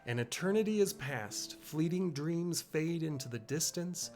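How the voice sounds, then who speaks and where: A man's voice: fairly high pitch, expressive, measured pace, a little mellow, faint music behind, voice pushed up. Man doing a brash Australian-accented young thief. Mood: wistful. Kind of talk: reading game dialogue aloud.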